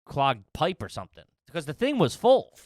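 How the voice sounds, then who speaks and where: A man's voice: a little high, wildly swooping pitch, moderate pace, darkish tone, no echo, studio quality. Rambling, profane man telling a story. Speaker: podcast co-host. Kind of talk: casual comedic storytelling.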